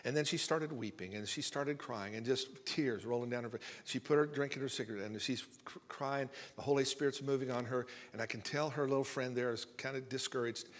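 A male pastor preaches in a folksy, storytelling way, circling back and repeating words as he builds a point. His voice sits at an ordinary middle pitch. It carries the long reverb of a church sanctuary. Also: fairly quick, hardly any pauses. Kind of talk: conversational sermon with storytelling. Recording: reverberant hall sound.

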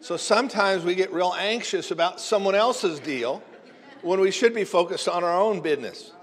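A male pastor gives an earnest, conversational sermon in a slightly high voice. His words ring out with a long reverb in the church sanctuary. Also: normal speed.

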